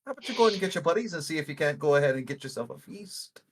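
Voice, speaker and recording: Player doing a blunt, threatening predator, lively pitch. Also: racing, husky. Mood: coaxing. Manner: coaxing, then threatening, casual swearing. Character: blunt, menacing bird-like woman predator.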